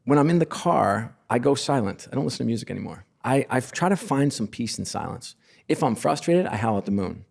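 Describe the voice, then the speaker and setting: A man's voice: medium pitch, lively intonation, brisk, gravelly, darkish tone, slightly rough. A middle-aged man, a podcast guest from sports business, telling stories in an earnest, effusive, self-deprecating way. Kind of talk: casual conversational storytelling.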